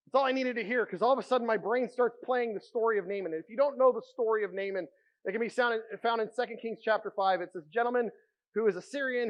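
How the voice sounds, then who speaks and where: A man preaching a sermon as pastor, telling stories with animated energy and dropping to a hush for quiet moments. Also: high-pitched, highs cut off. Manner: animated storytelling, drops to a hushed voice for quiet moments.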